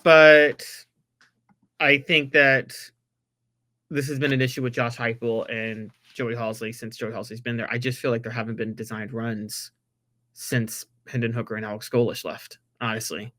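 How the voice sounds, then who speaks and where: A man's voice: medium pitch, level tone, moderate pace, sharp tone, no echo. A man co-hosting a sports podcast, speaking hesitantly and thinking aloud. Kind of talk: casual sports talk.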